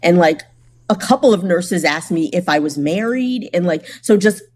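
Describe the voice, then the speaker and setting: Brief: young woman comic guest, low voice, wry storytelling banter. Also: lively intonation, normal speed, darkish tone. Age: young adult. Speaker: comedian guest. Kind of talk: casual podcast chat.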